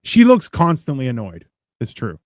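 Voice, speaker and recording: A man co-hosting a casual podcast, telling stories with acted-out voices and deadpan, crude humor. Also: medium pitch, moderate pace, dry recording. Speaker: podcast co-host. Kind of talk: casual chat.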